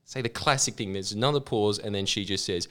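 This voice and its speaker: A fast-talking man with a lowish voice co-hosts a casual chat. He animatedly tells a funny story, performing the voices of its characters.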